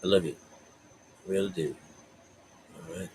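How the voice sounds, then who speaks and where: A man's voice: sits low, steady tone, a little slow, darkish tone, slight background noise, rough recording. A man giving a rambling, folksy spiritual talk to his viewers, full of fillers and asides. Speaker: spiritual vlogger.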